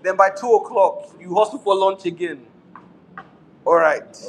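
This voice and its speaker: In an unhurried sermon, a middle-aged Nigerian pastor speaks in a fairly high-pitched voice with a strong Nigerian accent. He drifts into pidgin and laughs often between points, animated throughout, with slight background noise behind him.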